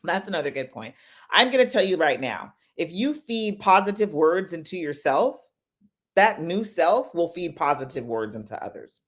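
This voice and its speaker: A woman hosting a casual motivational talk, chatty and animated, with lively asides as she tells stories. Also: on the low side, normal speed. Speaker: host.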